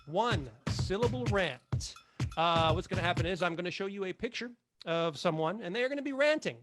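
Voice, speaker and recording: A man's voice: high-pitched, fast, music in the background. A man hosting a live online comedy game show over a video call, laughing often and reading audience jokes aloud.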